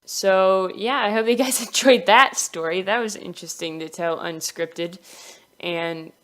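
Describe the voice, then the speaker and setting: A woman's voice: mid-range voice, measured pace, fairly bright tone. A young woman casually telling a personal story for her animation channel, giggling often and acting out the quoted lines.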